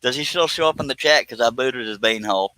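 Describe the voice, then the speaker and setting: A man's voice: medium pitch, quick pace, pushed and bright, dry recording, low-quality recording. A man, hosting a live stream, joking and reading viewer comments aloud. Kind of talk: casual live stream chat.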